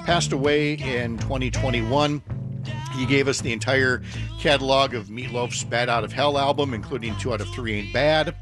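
A man's voice: medium pitch, normal speed, over music. A male morning radio host chatting casually and rambling a little. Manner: chatty, rambling, self-deprecating. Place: radio studio. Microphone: studio microphone.

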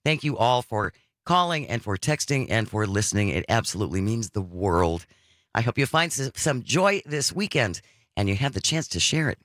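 Bright-toned male radio host, dry studio sound. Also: fairly low pitch, sing-song, normal speed, no echo. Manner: easygoing, wraps up segments smoothly. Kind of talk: casual talk radio banter.

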